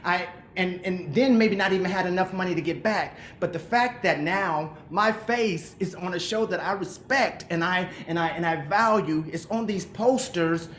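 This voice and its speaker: A man's voice: high-pitched, moderate pace, hardly any pauses, a bit bright, echoey room, slight background noise. A middle-aged male actor speaking earnestly and with emotion in an interview over a video call, often restarting his sentences. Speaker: actor, guest. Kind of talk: reflective interview talk. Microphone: remote video call.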